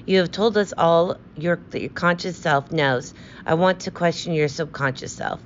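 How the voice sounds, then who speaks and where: A woman voicing a precise, polite foreign male detective who questions in a measured, courteous way. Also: lowish voice, highs cut off, slight background noise, close to an everyday voice. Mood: coaxing.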